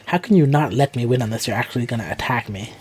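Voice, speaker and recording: A man's voice: medium pitch, quick pace, a little mellow, breathy edge. A man giving casual, joking commentary while playing a video game, easily surprised. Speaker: gaming streamer. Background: game music and sound.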